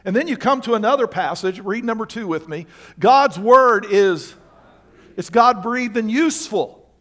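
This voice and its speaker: Male pastor, high pitch, emphatic sermon delivery with pointed questions. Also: brisk, a bit bright. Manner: emphatic preaching with rhetorical questions.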